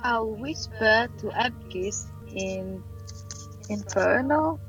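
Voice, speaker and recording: A woman's voice: mid-range voice, animated, a little slow, soft background music, poor audio. A woman playing in a tabletop game, chatting casually in a wry, quizzical way. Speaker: player.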